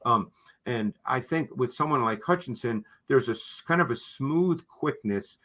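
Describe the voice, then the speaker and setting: A man with a bright, forceful voice co-hosts a football analysis show. He explains players in an emphatic, teacherly way and keeps tagging his points with a quick "okay?". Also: medium pitch, lively intonation. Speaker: football film analyst, co-host. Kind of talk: analytical sports discussion.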